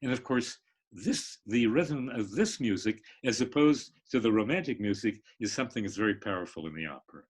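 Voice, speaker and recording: An animated older literature professor, male with a lowish, husky voice, talks through a lecture-style discussion on an online live stream. He stops and restarts often, leans on fillers, and breaks into sung rhythms.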